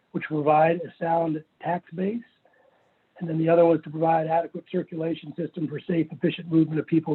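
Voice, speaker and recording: A man with a somewhat high, husky voice makes his case at a public hearing, reading passages aloud in a methodical, earnest way. His voice comes through a thin, phone-like video-call line. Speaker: property owner applicant. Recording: phone-like virtual meeting audio.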